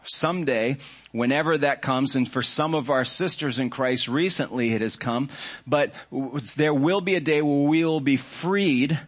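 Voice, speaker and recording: A man preaching a sermon as a pastor, earnest and reflective, with measured phrasing. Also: medium pitch.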